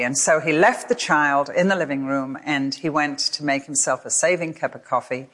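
Older lady preaching a sermon, lowish voice, acts out the story. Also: normal speed, hardly any pauses. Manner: expressive storyteller, acts out voices in her stories. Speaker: Bible teacher.

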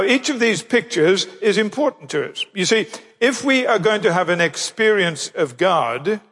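Man preaching, fairly high voice, slows way down to hammer key lines, long reverb around him. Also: fairly bright tone. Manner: measured, slows down to stress key phrases. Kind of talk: sermon.

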